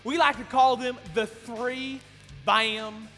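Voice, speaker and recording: A man's voice: extremely high pitch, steady tone, slow pace, a bit bright, heavily acted. A man playing a smug, self-important game guru who echoes his partner in a live stage comedy skit in a large hall. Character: cocky male game guru Wham, twin-brother sidekick. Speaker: stage performer in a comedy duo. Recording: reverberant hall with music behind.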